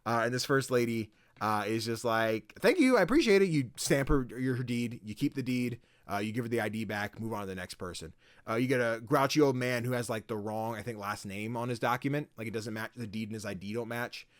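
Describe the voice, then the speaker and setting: Male podcast host, casual and animated, dry close-mic sound. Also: mid-range voice, a little fast, no room sound. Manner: animated, acts out voices, swears casually. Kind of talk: casual chat.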